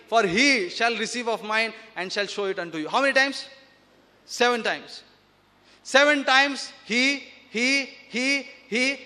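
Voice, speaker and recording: Emphatic male lecturer with a very high voice, preaching to an audience; rhetorical questions, recorded in a reverberant hall. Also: sharp tone. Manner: emphatic, slows down to recite scripture. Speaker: speaker at an Islamic awareness event.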